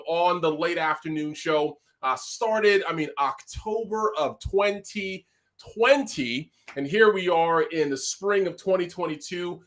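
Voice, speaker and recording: High-voiced energetic male show host. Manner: energetic, hype, playful. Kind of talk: lively live-show chat. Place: home studio in California.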